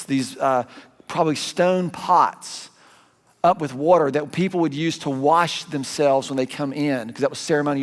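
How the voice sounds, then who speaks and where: Southern male pastor, slightly high voice, chatty animated preaching, church hall reverb. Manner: conversational, animated storytelling with self-corrections. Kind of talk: sermon.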